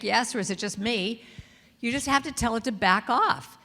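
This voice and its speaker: A middle-aged woman giving a talk at a church, telling stories and softly singing lines of her chants. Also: on the high side, moderate pace. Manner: warm storytelling, sings lines softly. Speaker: guest speaker and singer. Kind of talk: sermon with sung chants. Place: church sanctuary. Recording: long hall reverb.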